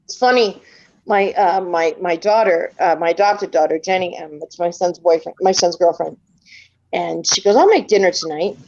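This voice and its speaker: A woman's voice: lowish voice, steady tone, moderate pace, darkish tone. Chatty middle-aged woman, lo-fi audio. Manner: chatty storyteller acting out family dialogue. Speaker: panel participant. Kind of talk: casual group voice chat.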